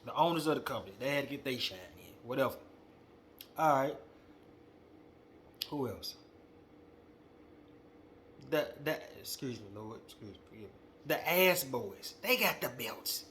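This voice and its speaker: A young man hosting a wrestling podcast, ranting in a casual, slangy, animated way and calling people out directly. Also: mid-range voice, moderate pace, pauses often, a little hiss or hum. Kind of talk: casual opinion monologue.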